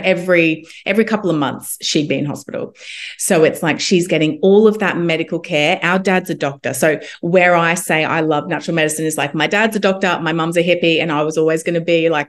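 A young woman, a homeopath guest, telling a personal story in a casual, animated way and acting out what others said. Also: sits low, a little fast. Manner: animated, quotes others in lively asides.

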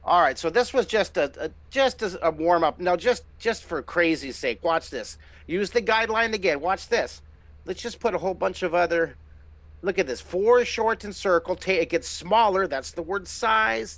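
A middle-aged man hosting a live online drawing lesson, giving excited, encouraging step-by-step instructions as he sketches. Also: high-pitched. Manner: enthusiastic, encouraging, exclamatory. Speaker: drawing teacher and host.

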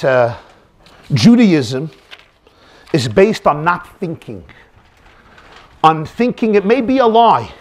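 High, lively-voiced rabbi teaching. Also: male voice. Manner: animated, acts out dialogue scenes; sprinkles Yiddish and Hebrew terms. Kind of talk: Torah class lecture.

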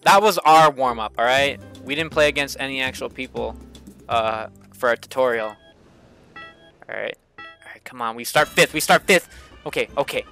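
A man's voice: medium pitch, normal speed, gravelly, bright, forceful tone. A young man giving frustrated, swearing commentary while playing a kart racing game, repeating himself often. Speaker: gaming streamer. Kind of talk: live gameplay commentary. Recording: game music playing behind.

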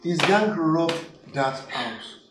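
A man's voice: on the high side, animated, slow pace, echoey room, background noise. A man playing a stern police officer who speaks firmly and plainly.

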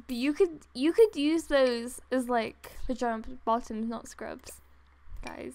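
Giddy high-voiced young woman. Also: a little slow, gravelly. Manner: giddy and breathless, laughing, gasping and trailing off. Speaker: gaming YouTuber. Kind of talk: excited gameplay commentary. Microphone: desktop USB microphone.

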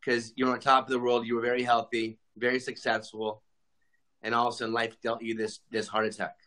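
A man in his forties from Southern California, hosting the talk with a bright, forward tone. His manner is eager and rambling, and he often trips over his words as he asks his questions. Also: medium pitch, completely flat delivery, brisk, rough recording. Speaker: host. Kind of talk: casual interview hosting.

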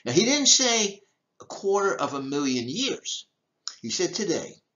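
Older man preaching with a lively voice. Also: high voice, measured pace, highs cut off. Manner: emphatic, rhetorical questions, lively delivery. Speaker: deacon. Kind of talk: teaching talk on church history.

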